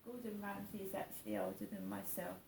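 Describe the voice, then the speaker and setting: A middle-aged woman vlogger chats casually in a morning vlog from indoors at her home, rambling and repeating herself. Her lowish, slightly mellow voice is very animated and fairly quick. The mic is distant and the room roomy, with a little hiss or hum.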